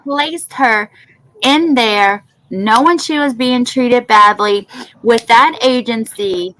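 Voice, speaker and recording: A woman in casual conversation about a news case, unhurried and conversational. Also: on the high side, bright, forceful tone, rough recording. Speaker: co-host.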